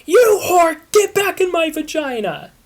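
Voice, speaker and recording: A woman voicing a shameless, demanding young woman who yells orders in a read-aloud fan fiction. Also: very high-pitched, very animated, a little slow, voice pushed up, heavily acted. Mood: furious demanding. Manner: yelling, bossy.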